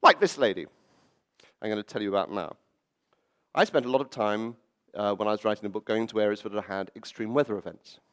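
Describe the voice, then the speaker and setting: A man speaks to an audience at a library event. His pitch moves a great deal, rising and falling as he tells stories and acts out other people's lines. He sounds like a public speaker working a room. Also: brisk, long pauses. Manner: animated, acts out quoted voices and laughs at his own stories. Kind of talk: storytelling public talk.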